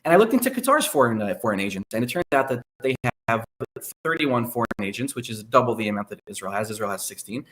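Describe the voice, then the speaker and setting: A man speaking as a guest analyst on a podcast, explaining at length in a measured way. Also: medium pitch, sing-song, a bit bright, low-quality recording. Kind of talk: conversational podcast interview.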